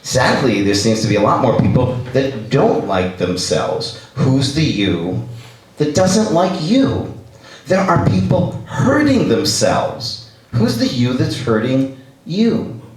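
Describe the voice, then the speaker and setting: A man from Canada, a rabbi giving a humorous lecture who acts out the characters in his stories. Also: mid-range voice. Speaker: rabbi, speaker. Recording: echoey hall, distant mic.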